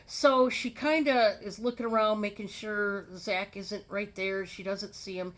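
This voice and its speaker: A woman's voice: medium pitch, fairly even intonation. A woman casually telling a story to her viewers, chatty, with many fillers. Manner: chatty and drawn-out, lots of fillers. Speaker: storyteller vlogger.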